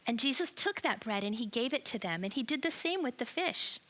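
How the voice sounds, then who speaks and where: Church lady doing a kids' bible story, bright voice, kinda high, super expressive. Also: a little fast. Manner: animated, expressive storytelling with questions to listeners. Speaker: children's ministry teacher. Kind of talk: storytelling Bible lesson for kids.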